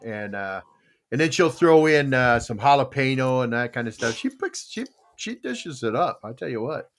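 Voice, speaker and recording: A man's voice: mid-range voice, sing-song, normal speed. A man on a morning show, talking about food in a folksy, rambling way with lots of fillers. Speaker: co-host. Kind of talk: casual morning show chat.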